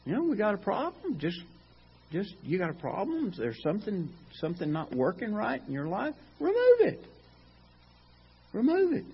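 A man preaching a sermon in a folksy, animated way, repeating phrases for emphasis. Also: high-pitched, brisk, slightly rough, highs cut off.

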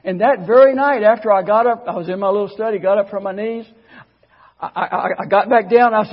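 A man with a high, husky voice preaches in a church, sharing his testimony in a folksy, chatty way and often stumbling over his first words. The audio is dull and lo-fi. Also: brisk, long reverb tail. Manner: folksy, conversational storytelling with stammered restarts. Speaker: guest preacher. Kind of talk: sermon with personal testimony.

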